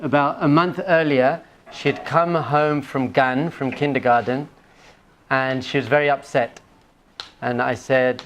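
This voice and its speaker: A man's voice: mid-range voice, steady tone, a little slow, a bit bright, a little hiss or hum. A male rabbi teaching a class, telling humorous family stories and putting questions to his audience. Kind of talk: lecture with personal anecdotes.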